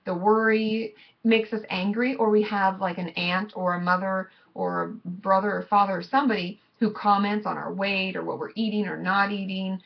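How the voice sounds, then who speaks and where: A woman therapist giving casual, gently reassuring advice to her viewers in a chatty, conversational way. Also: medium pitch, fairly even intonation, normal speed, creaky, lo-fi sound. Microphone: computer mic.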